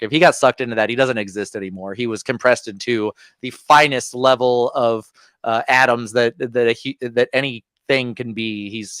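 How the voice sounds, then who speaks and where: A man on a podcast, talking through a film review in loose, opinionated bursts. His voice is smooth and resonant, recorded dry and close. He keeps stacking gripes with plenty of "uh"s. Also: medium pitch, fairly bright tone, dry recording. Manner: opinionated, ranting with frequent fillers. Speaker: podcast co-host. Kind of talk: casual movie review chat.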